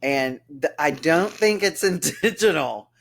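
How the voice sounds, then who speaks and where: A woman's voice: deep voice, lively intonation, a little slow, creaky. A woman hosting a podcast, encouraging her guest with short replies in a casual interview. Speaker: podcast host.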